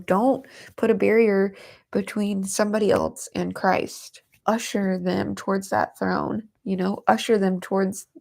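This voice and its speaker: A woman's voice: mid-range voice, gravelly, darkish tone. A woman hosting a devotional livestream, reading Bible verses aloud and chatting in an earnest, emotional way while fighting back tears. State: tearful. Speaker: host of a Christian livestream.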